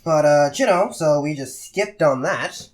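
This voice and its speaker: Speaking a little high and a little slow, a young American podcast co-host recounts a trip in easygoing conversation. He swears freely and animatedly performs the quotes of the people involved.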